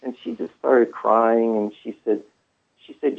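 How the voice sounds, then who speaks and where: A man's voice: mid-range voice, measured pace, gravelly. A man telling his story in a rambling way, with many fillers and restarts, heard through a phone line. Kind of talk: first-person storytelling.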